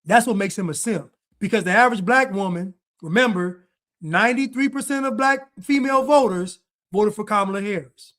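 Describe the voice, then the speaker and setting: A man's voice: high-pitched, normal speed, a bit bright. A man giving reaction commentary in a blunt, preachy way, repeating his points. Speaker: online commentator.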